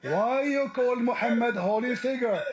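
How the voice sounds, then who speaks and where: Mocking, combative high-voiced man. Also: moderate pace, echoey room, over a noisy crowd. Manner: mocking and combative, taunts and laughs at caller. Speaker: debate livestream host. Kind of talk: heated live call-in debate.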